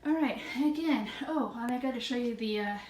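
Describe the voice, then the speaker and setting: A woman's voice: on the high side, moderate pace, darkish tone. A woman chatting to her viewers in a bubbly, jokey way while out of breath, filming her bedroom on a handheld phone. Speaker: vlogger. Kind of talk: casual chat to viewers. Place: bedroom indoors. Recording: echoey room, faint ambient noise.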